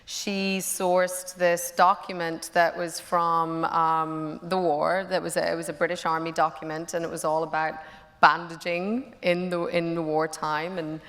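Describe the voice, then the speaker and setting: A woman's voice: on the low side, level tone, a little slow, fairly bright tone. A woman actress speaking on a stage panel, hesitant with many restarts. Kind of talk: casual panel chat. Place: large auditorium on stage. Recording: long reverb of a large hall.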